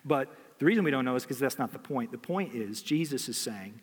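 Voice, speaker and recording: Preacher in a reverberant hall. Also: male voice, medium pitch, expressive, brisk, hardly any pauses, husky. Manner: storytelling with rhetorical questions. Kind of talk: sermon.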